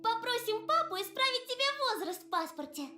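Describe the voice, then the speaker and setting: A woman's voice: very high voice, expressive, fast talker, bright, forceful tone, faint music behind, exaggerated voice. An actress voicing an anxious little girl, a younger sister in a video game, speaking in an earnest, pleading way.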